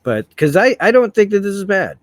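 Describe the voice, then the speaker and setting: A man's voice: high-pitched, sing-song, fairly quick, no echo. A man chatting through a comic book review in a rambling, casual way. He corrects himself often and laughs easily. The recording is dry and close.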